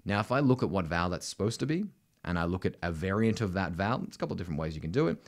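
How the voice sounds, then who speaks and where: A man's voice: sits low, animated, fast. A man with an Australian accent, a vocal coach explaining technique in casual talk, often tagging his sentences with "right?". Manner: conversational, constant "right?" tags, sings demonstrations.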